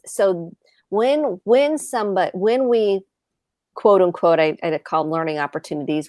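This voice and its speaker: Low-voiced woman therapist on a video call. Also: no echo, studio quality. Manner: calm explaining, acts out example dialogue.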